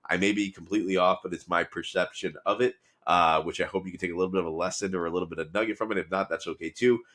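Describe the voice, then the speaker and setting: A man's voice: low voice, fairly even intonation, rapid-fire, a bit bright. A man hosting a solo podcast, talking through a TV episode in a rambling, conversational way with many restarts. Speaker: podcast host and business consultant.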